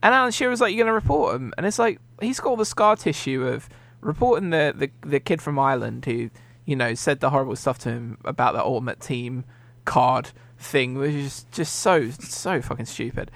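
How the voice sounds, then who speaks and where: An Englishman co-hosting a casual podcast chat. His voice has a gravelly, fry-edged texture. He talks in an exasperated way and trips over repeated words as he restarts. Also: mid-range voice, moderate pace, fairly bright tone, dry recording. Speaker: podcast co-host.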